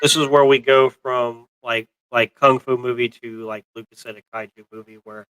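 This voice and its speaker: Guy rambling about a movie, lots of ums, smooth clear voice. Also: mid-range voice, fairly even intonation, moderate pace, fairly bright tone, dry recording, low-quality recording. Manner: rambling, lots of fillers and restarts. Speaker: co-host of a pop culture show. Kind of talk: casual movie review chat.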